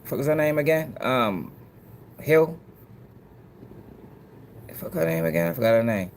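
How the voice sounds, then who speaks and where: A man's voice: medium pitch, animated, measured pace, a little hiss or hum. Man, commentary host, casual slang, swears freely, talks to his audience. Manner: talks straight to viewers, slangy and profane.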